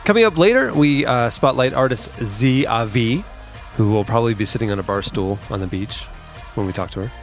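A man's voice: medium pitch, lively intonation, fairly quick, soft background music. A man hosting a podcast, chatting casually and running through news and upcoming releases. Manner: chatty, self-deprecating, reads release news. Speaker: podcast host.

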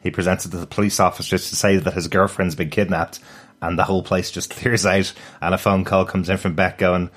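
A man co-hosting a podcast, chatting briskly about a TV episode and chuckling now and then. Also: deep voice, little pitch movement, fairly bright tone. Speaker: podcast co-host.

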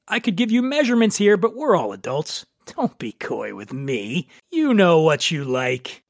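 A man's voice: high-pitched, dry recording, clean studio sound. A man hosting a short podcast episode, delivering a scripted monologue in a wry, playful and theatrical way. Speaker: podcast host.

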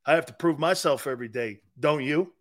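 A man's voice: on the high side, fairly quick, fairly bright tone. A man hosting a sports talk show, brash and profane, rambling and talking straight to his listeners, edgy from short sleep. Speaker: sports radio host.

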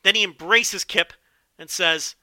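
Recapping wrestling in a laid-back way, this male commentator swears freely, jokes around, and brims with enthusiasm. He has a high, bright voice with a forceful tone, speaks unhurriedly, and there's no room sound.

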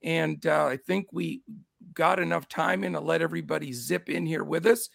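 Middle-aged guy hosting a betting show, raspy gravelly voice, kinda high, dry close mic. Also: steady tone, moderate pace, no room sound. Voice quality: scratchy voice. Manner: upbeat, shouts out chat names. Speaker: show host. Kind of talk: casual sports betting show chat.

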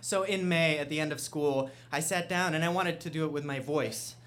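A man from Russia telling a self-mocking story on stage before an audience, building to loud punchlines. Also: fairly high pitch, normal speed.

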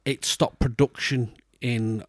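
A man's voice: mid-range voice, steady tone, slow, dry recording, studio quality. A man hosting a podcast, telling a long rambling anecdote in a casual chat, full of restarts and asides. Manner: rambling anecdotes with restarts, slips into posh put-on voices. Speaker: podcast host.

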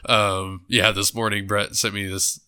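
Bright-voiced man with a stuffy nose. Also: fairly low pitch, flat delivery, measured pace, clean tone. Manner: rambling, self-correcting, joking. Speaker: book club podcast host. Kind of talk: casual solo podcast commentary.

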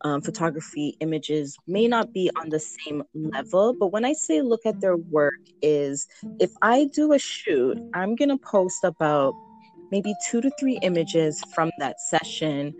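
A woman's voice: low-pitched, very animated, measured pace, a little mellow, soft background music. A woman newborn photographer chatting in an interview, laughing easily and acting out what people say. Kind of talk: casual interview chat.

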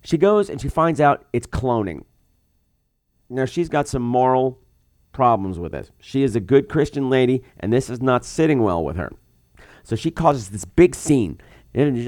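A man's voice: medium pitch, normal speed, dry recording, clean studio sound. A man hosting a podcast, recapping a film in a sarcastic, comedic way. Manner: sarcastic, animated storytelling. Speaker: podcast host and film reviewer.

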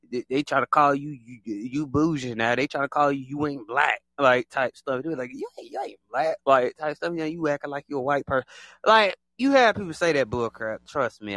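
A man rambles through a casual monologue to his listeners, his pitch swooping up and down as he gets animated. He circles back on his points and leans on fillers. The recording is close and dry. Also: no echo. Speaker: podcast host.

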